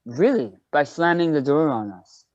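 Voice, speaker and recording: A man's voice: on the high side, big pitch swings, moderate pace, dry recording, muffled recording. A man voicing a blunt male adventurer in a tabletop game, scolding a stubborn mayor. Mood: stern.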